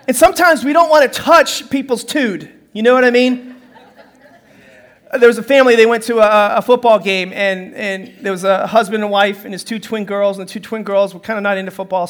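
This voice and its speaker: High-voiced man preaching a playful sermon. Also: a bit bright. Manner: storytelling, playful, talks to the congregation. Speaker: pastor.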